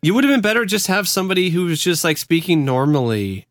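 A man co-hosting a podcast, joking bluntly and swearing casually. His voice is smooth and resonant, with a dry sound that has no room echo. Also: high-pitched, big pitch swings, fast. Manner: laughing, blunt and profane. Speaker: podcast co-host.

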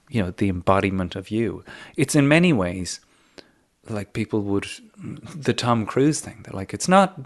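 Chatty Irish man hosting a podcast. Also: lowish voice. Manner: chatty, leading questions, laughs easily. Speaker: podcast host. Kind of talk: conversational interview and outro.

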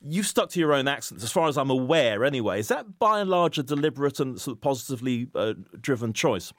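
Affable man hosting, lively pitch. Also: fast talker. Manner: affable, lots of brief agreeing sounds. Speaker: interviewer, host. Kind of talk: interview questions and chat.

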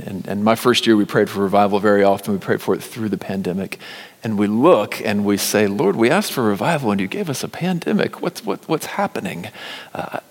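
A man preaching a sermon as pastor, swinging between loud emphatic lines and near-whispered appeals. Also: fairly low pitch, long reverb tail.

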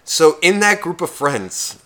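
A man's voice: fairly high pitch, a little slow. A man co-hosting a podcast, telling a bar story in casual chat, swearing a lot and acting out what others said. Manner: profane, animated, quotes others in shifting voices. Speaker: podcast co-host.

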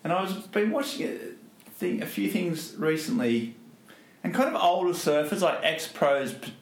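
A man's voice: fairly high pitch, lively intonation, a little slow, echoey room. A man, co-hosting a casual chat with dry, teasing banter. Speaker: podcast co-host.

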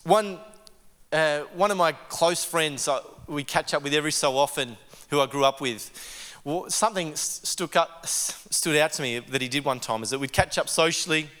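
Bright high-voiced male pastor, reverberant hall. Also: moderate pace. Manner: earnest, stumbles and repeats words. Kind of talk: conversational sermon. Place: church service.

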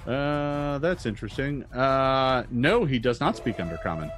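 A man serves as game master for a tabletop session, his voice rising and falling over a wide range. He draws out the dramatic moments slowly and laughs easily between rolls. Faint music plays quietly behind him. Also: medium pitch, expressive.

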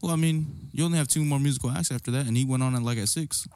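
A man's voice: medium pitch, very fast, darkish tone, clean tone, dry recording. A man co-hosting a casual bar podcast, recounting events in an easygoing, rambling way. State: sore throat. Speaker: podcast co-host.

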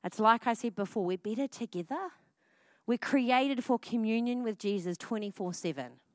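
A woman, preaching a casual, energetic sermon at church. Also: a little high, normal speed, no echo. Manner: casual and energetic, with frequent "like" fillers.

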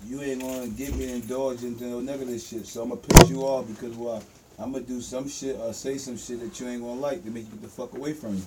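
A man's voice: mid-range voice, fairly even intonation, fast talker, recorded from a distance, heavy background noise. A man speaking bluntly and profanely in a casual group discussion.

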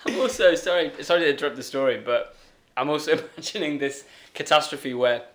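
A man's voice: fairly high pitch, a little fast, fairly bright tone. A man co-hosting a podcast, breaking in with jokes and giggling in casual chat. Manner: jokey interjections, giggly. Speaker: podcast co-host.

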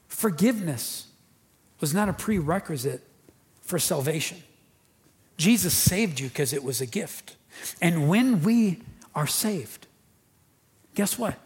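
Emphatic pastor with a high voice. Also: male voice, lively intonation, takes it slowly, long pauses, darkish tone. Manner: emphatic, repeats key phrases for emphasis. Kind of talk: sermon. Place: church.

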